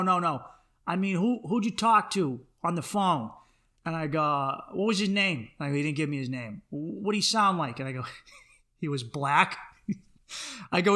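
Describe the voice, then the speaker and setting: Bright-voiced man telling a comic story. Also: on the high side. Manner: animated, acts out other people's voices in his stories. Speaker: podcast host. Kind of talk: comedic storytelling monologue.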